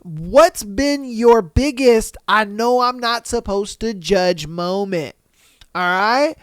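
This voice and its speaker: Male podcast host, casual, animated, swears freely, smooth clear voice, dry close sound. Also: high-pitched, takes it slowly, dry recording. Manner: animated, swearing, acting out reactions. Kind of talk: casual podcast reading of listener posts.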